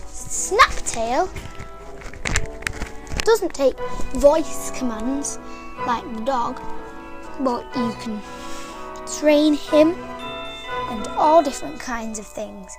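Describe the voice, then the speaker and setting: British woman, high voice, unhurried toy demo that rambles and self-corrects, soft music underneath. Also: lively intonation, rough recording. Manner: rambling, eager, often correcting herself. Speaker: toy reviewer. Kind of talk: casual toy demonstration.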